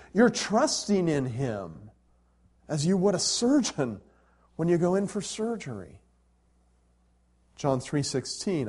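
A man preaching a sermon, animated and conversational, with humor and rhetorical questions. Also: sits high. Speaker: pastor.

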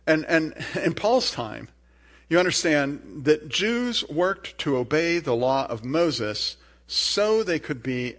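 A man preaching a sermon, earnest and emphatic, with rising bursts and soft asides. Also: a little high. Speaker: pastor.

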